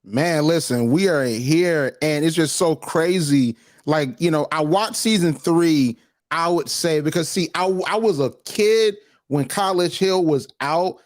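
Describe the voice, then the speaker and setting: A man in his twenties hosting an interview, chatting in a relaxed, reflective way. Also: a little high, a little slow, no echo, studio quality. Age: 20s. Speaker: interview host. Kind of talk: casual interview chat.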